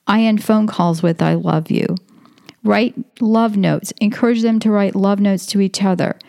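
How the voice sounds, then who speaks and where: A woman's voice: mid-range voice, fairly even intonation, measured pace, gravelly, darkish tone, dry recording, studio quality. Chatty woman hosting a faith podcast. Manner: chatty storytelling with fillers. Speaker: podcast host. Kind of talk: casual faith podcast monologue.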